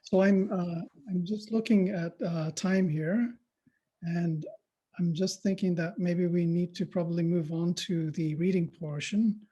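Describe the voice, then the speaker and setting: A man emceeing a poetry reading, moderating the talk with measured, unhurried phrasing. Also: sits high, fairly even intonation, mellow, husky, lo-fi sound. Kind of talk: moderating a panel conversation.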